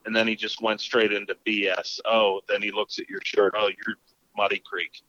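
A man with a low voice tells a story in casual talk and acts out each side of the argument. The recording is dry and a little dull. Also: moderate pace, no echo. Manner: animated, acts out both sides of the exchange.

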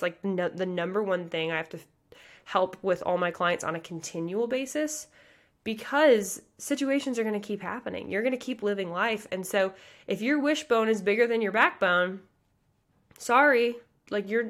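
A woman in her early thirties from the American Midwest hosts a motivational podcast. She talks fast and passionately, full of casual asides and direct address to her listeners, in a mid-range voice. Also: medium pitch. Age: 30s. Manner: passionate, fast, chatty with many likes and you guys. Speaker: pageant coach and podcast host.

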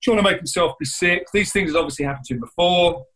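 A man with a slightly raised pitch tells a story conversationally. He stops and restarts his sentences often as he works through the memory. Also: a bit bright, poor audio. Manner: rambling, halting retelling with many restarts. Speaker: guest.

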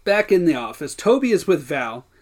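A man's voice: a little high, moderate pace. A man in his thirties co-hosting a podcast, recapping a TV episode in casual chat and acting out the characters' lines. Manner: animated storytelling, swears, acts out characters' lines. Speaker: podcast co-host.

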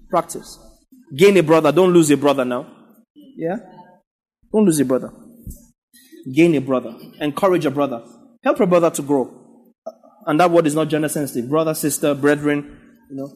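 A man delivers a sermon, pressing each point through repetition and frequent asides to the congregation. His voice sits high for a man and has a husky, grainy edge. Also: moderate pace, pauses often, darkish tone, faint music behind. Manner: emphatic, repetitive exhortation with frequent "yeah?" to the congregation. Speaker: pastor.

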